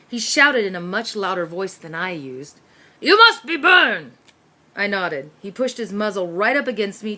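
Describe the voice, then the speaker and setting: Lively woman reading a storybook aloud. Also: mid-range voice. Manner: expressive, lively first-person narration. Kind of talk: reading a children's chapter book aloud.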